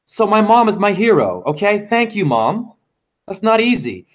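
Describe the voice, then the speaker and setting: A man in his forties telling personal stories in a casual conversation, acting out what others said in an animated way. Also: high-pitched, moderate pace. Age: 40s. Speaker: guest teacher.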